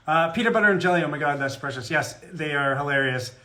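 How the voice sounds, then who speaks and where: A man's voice: a little high, lively intonation, quick pace, sharp tone. A man chatting casually with fans on a live autograph stream, rambling and joking in a self-deprecating way. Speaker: guest voice actor at a fan autograph Q&A.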